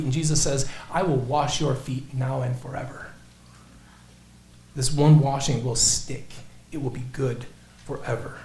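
Earnest preaching man, roomy echo. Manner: earnest preaching, rising to emphatic peaks then dropping low and soft. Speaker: pastor. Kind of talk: sermon.

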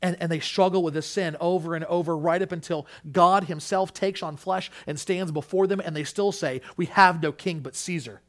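Emphatic high-voiced male preacher. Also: moderate pace, hardly any pauses. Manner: emphatic, repeats key phrases, swings between loud peaks and hushed drops. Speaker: pastor. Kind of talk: sermon.

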